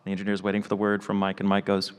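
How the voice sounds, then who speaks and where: Fast-talking man telling stories in a hall. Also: low-pitched, monotone, smooth. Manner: acts out quoted dialogue in varied voices, rapid storytelling. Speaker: voice actor and script writer on a convention panel. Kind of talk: animated anecdote-telling to an audience. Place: convention panel room. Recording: reverberant convention hall.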